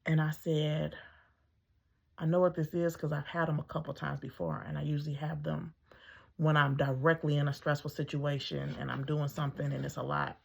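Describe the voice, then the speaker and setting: A woman's voice: sits low, flat delivery, normal speed, gravelly, breathy edge. A middle-aged woman, a mother, telling her own story in a casual, conversational way, full of ums and acting out her own thoughts.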